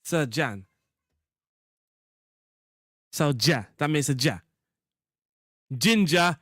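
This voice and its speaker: A man's voice: medium pitch, lively intonation, takes it slowly, long pauses, a bit bright, husky, no room sound, clean studio sound. A young man giving rambling, jokey commentary while playing a football management game. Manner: rambling, jokey, talks to chat. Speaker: gaming streamer. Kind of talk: casual gameplay commentary.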